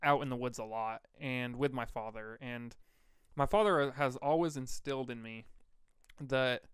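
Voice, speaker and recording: A man from Vermont co-hosting a podcast, telling stories in a rambling, relaxed way with lots of fillers. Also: mid-range voice, a little slow, clean tone, dry recording, studio quality. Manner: rambling, laid-back storyteller with fillers. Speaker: podcast co-host. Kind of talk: casual storytelling chat.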